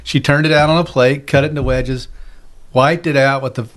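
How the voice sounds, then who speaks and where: A man's voice: mid-range voice, fairly even intonation, fairly quick, a bit bright. A man, a chef guest, telling rambling anecdotes in casual podcast chat. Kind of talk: casual storytelling.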